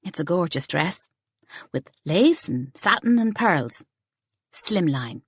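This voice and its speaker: A woman's voice: sits low, very animated, takes it slowly, husky, no room sound, heavily acted. A woman reading the part of a young village woman in an audiobook.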